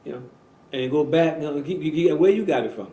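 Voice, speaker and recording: A man hosting a religious talk show, preaching in a slow, emphatic way with repeated phrases. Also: fairly high pitch, dark tone, roomy sound, low-quality recording. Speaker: imam and show host. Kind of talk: religious talk radio conversation.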